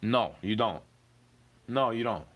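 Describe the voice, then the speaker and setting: A young man with a lowish, a bit bright voice takes it slowly as he rants to camera. He's aggrieved and swearing, speaking straight at someone who wronged him and repeating "bro."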